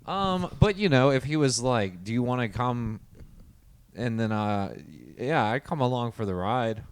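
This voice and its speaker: A young man co-hosting a casual comedy podcast, telling animated stories and slipping into impressions of other people. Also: mid-range voice, unhurried, clean tone, no echo. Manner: animated storyteller, breaks into laughter, mimics voices. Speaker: podcast co-host.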